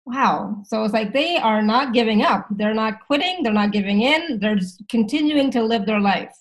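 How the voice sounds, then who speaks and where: A woman's voice: a little high, lively intonation, moderate pace, poor audio. A woman hosting a casual conversation, chatty and rambling, often affirming her guest.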